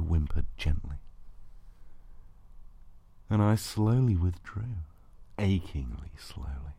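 A man narrating an intimate erotic audio story in a slow, hushed voice that often drops to a breathy whisper. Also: sits low, expressive.

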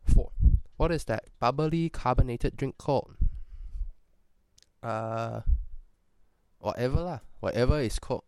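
A man's voice: medium pitch, measured pace, pauses often, darkish tone, clear, resonant tone, no room sound. A man speaking in a put-on Singaporean English accent, chatting casually through a list of prompts in a playful, profane way with joking asides. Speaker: vlogger doing an accent tag. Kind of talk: casual chat reading prompts.

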